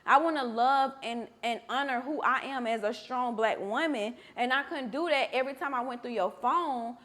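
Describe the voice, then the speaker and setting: A woman's voice: on the high side, moderate pace, fairly bright tone. A young woman hosting a candid conversation over a meal, talking bluntly and emotionally with frequent swearing. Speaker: podcast host.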